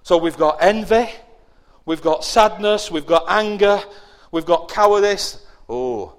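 A man giving a lively children's sermon, asking the young listeners questions and acting out whiny voices. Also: high-pitched, a little slow. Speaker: preacher giving a children's talk.

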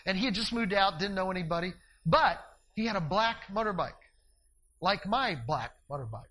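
A male minister preaching a sermon, telling a personal story in an animated way and swinging between loud and hushed delivery. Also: high voice, moderate pace, poor audio. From northeast Ohio, US.

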